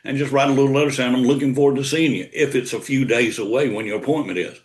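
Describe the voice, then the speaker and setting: A man's voice: mid-range voice, fast talker. An older man giving a motivational sales coaching talk, repeating key lines for emphasis. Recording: roomy echo.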